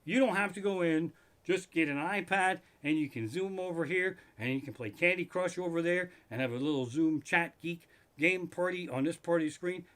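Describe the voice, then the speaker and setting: A middle-aged man hosting a live stream from his living room, telling a profane comic story that builds into loud, swearing rants. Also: on the high side.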